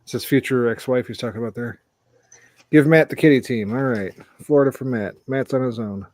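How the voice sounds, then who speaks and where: A woman's voice: a bass voice, darkish tone, dry recording. A woman hosting a casual sports betting podcast, reading out odds and listener picks. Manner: casual, brisk, reads out odds and listener chat. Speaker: podcast host.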